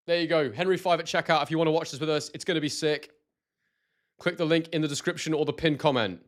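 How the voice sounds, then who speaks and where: A young British man from Scotland with a London-like accent, hosting a live boxing stream in casual commentary and reading out chat messages excitedly. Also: fairly high pitch, a little fast. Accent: southern English, London-like.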